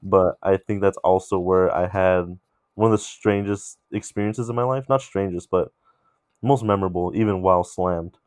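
A man's voice: sits low, normal speed, dry recording, studio quality. Young man telling a rambling story. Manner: animated, rambling, swears freely. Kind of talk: casual storytelling chat.

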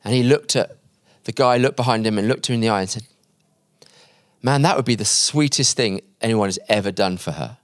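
Guy preaching a sermon, tells a story n does the voices, gets real quiet at the sad bits, dry sound. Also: fairly low pitch, no room sound. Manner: acts out quoted voices in the story; drops quiet and slow at emotional points. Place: conference hall.

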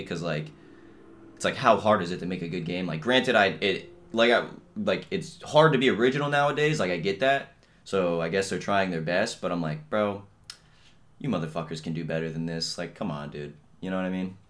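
Young guy ranting on his podcast, swears nonstop, kinda low voice, keeps saying you know what i mean. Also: normal speed, a bit bright. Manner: profane, blunt, heavy on filler and "you know what I mean". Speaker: podcast host. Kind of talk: casual rant.

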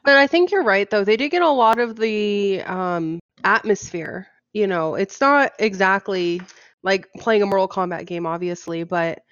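A woman's voice: medium pitch, normal speed, fairly bright tone, smooth, no echo. A woman guesting on a podcast speaks frankly and swears offhandedly. Her mic sounds muffled and lo-fi. The sound is dry and close. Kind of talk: casual chat.

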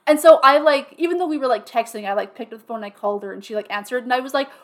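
A woman's voice: high voice, very fast. A woman co-hosting a podcast in casual chat, telling stories animatedly and acting out quotes with swearing. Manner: animated storyteller, acts out quotes loudly, swears. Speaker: podcast co-host. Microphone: podcast microphone.

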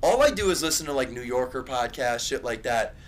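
A young man co-hosting a podcast, telling profane, rambling stories in casual chat with loud bursts. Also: medium pitch, lively intonation, fairly quick. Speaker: podcast co-host.

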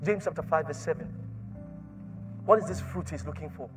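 A man with a high voice preaches a sermon, repeating his lines over and over. He drops to a near whisper, then rises to a shout. Soft music plays faintly underneath. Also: moderate pace. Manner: repetitive, swings from hushed to shouting.

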